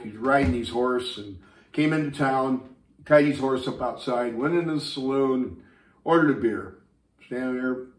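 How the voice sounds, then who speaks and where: A man's voice: medium pitch, echoey room. A man hosting a channel, casually telling a joke as an easygoing storyteller. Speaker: YouTube channel host.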